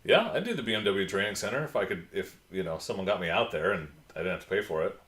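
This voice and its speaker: A man's voice: sits low, animated, fast talker, fairly bright tone, roomy sound. A man hosting a casual livestream, chatting and answering viewer comments from his home computer. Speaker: livestream host.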